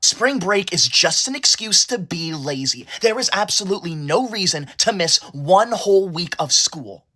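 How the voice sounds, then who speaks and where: A woman's voice: fairly low pitch, lively intonation, moderate pace, a bit bright. A woman playing a self-righteous, tattling know-it-all schoolgirl in a comedy skit. She talks in a whiny, overdramatic way. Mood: smug.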